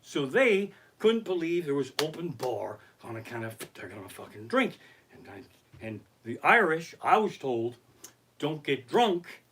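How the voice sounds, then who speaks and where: A male comedian telling profane, animated stories on a live stream from his living room. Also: fairly high pitch, measured pace, slight background noise. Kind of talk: stand-up storytelling on a live stream. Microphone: basic home setup.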